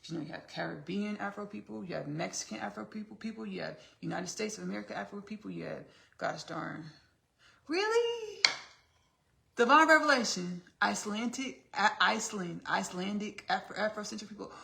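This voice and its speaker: A woman's voice: mid-range voice, fast, vocal fry, pushed and bright, echoey room. A Texan woman hosting a podcast in casual chat while she cooks in a home kitchen, rambling, laughing often and calling her listeners "baby" and "y'all". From Austin, Texas. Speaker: podcast host.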